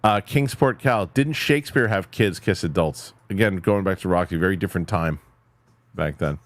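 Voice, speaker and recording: A man's voice: deep voice, normal speed, dry recording. A man hosting a casual livestream chat, reading out viewer questions and joking with his co-hosts. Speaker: host.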